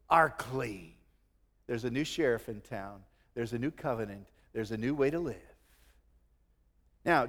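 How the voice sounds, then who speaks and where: A middle-aged man preaching a sermon, animated, acting out quotes and chuckling now and then. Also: high voice, long reverb tail. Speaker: pastor.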